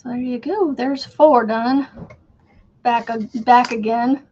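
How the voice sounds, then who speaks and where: A woman's voice: a little high, fairly even intonation, slow pace, a little mellow, a little hiss or hum. Chatty woman crafter on a dull livestream. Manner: chatty, rambling, laughs often. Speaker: crochet channel host. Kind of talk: casual livestream chat while crocheting. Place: home.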